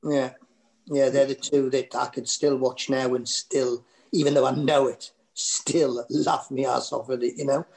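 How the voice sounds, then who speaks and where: A man's voice: medium pitch, level tone, gravelly, a little mellow. Geordie man telling rambling stories. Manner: rambling, restarts and fillers, quick to laugh at himself. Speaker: guest comedian. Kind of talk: anecdotal podcast chat.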